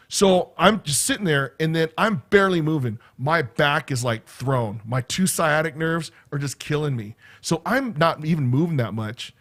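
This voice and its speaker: A man with a fairly high pitch and fairly bright tone hosts a casual livestream from a room in his home. He talks in a rambling, chatty way, appending "right?" to his sentences.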